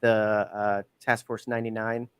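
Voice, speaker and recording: Guy hosting a nerdy podcast, rambly and excited, smooth clear voice, dry close sound. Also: mid-range voice, normal speed, no room sound. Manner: enthusiastic, rambling with fillers. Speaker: podcast host. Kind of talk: casual chat.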